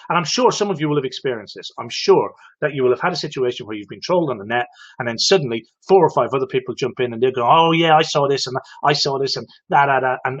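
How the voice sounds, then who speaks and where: A man's voice: on the high side, slightly rough, highs cut off. A man hosting a live-streamed advice talk, explaining patiently and turning to his viewers with "okay?" and direct questions. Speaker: host of a live show for electricians.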